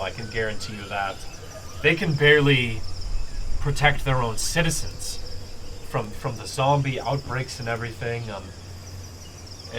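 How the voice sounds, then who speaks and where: A man's voice: medium pitch, noisy background, lightly acted. A man voicing a weary jungle camp leader woman, Undril. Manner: pleading, apologetic, hesitant with ums.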